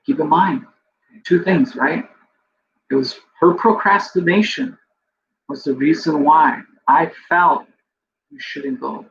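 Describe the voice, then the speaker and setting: A podcast host telling a personal story in a rambling way, full of fillers like "you know", and emotional to the point of tears. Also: male voice, a little high, slow, long pauses. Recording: dull lo-fi recording with faint background noise.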